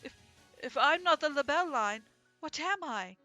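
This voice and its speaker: A woman's voice: high-pitched, animated, normal speed, pushed and bright, faint music behind, pitched above the performer's own voice. A woman voicing a proud, haughty young male pigeon aristocrat in a dating game, speaking indignantly. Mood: distressed.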